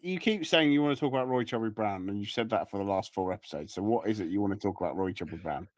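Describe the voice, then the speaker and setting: A man's voice: fairly low pitch, fast, no room sound, studio quality. A man co-hosting a casual comedy podcast, laid-back and wry. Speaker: podcast co-host.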